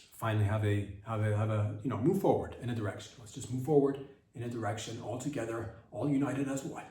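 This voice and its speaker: A man hosting a podcast, riffing through an absurd comedic monologue in a deadpan, rambling way with many restarts. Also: medium pitch. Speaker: podcast host. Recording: echoey room, distant from mic.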